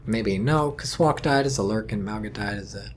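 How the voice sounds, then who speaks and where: A man giving casual solo commentary on a competitive video game, rambling and dropping deadpan jokes. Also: lowish voice, moderate pace, slight background noise. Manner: rambling, deadpan jokey asides. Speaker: esports caster.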